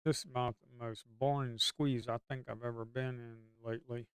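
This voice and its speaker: Smooth-voiced excitable man streaming trades. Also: medium pitch, brisk, no room sound, clean studio sound. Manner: excitable and slangy, swinging from muttering to loud hype. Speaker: live-stream day trader. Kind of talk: casual live commentary on trading.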